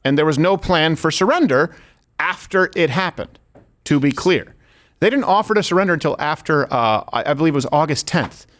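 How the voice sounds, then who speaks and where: A man's voice: on the high side, fairly quick. A man hosting a political talk show, talking casually, joking and laughing with his co-hosts. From United States. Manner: lively, joking, laughs often. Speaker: host.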